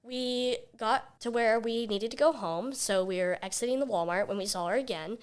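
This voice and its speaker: A woman's voice: on the high side, normal speed, smooth. Chatty teenage girl telling a story. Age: teens. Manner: chatty, acts out quoted voices, many "like"s. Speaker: guest. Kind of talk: casual storytelling.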